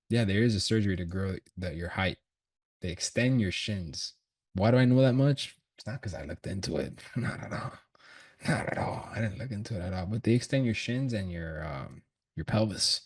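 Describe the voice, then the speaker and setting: A husky, low-pitched man streams his chart analysis as a trader in a relaxed livestream chat. Recorded from a distant mic, he talks in slang, swears, laughs often and thinks through things aloud.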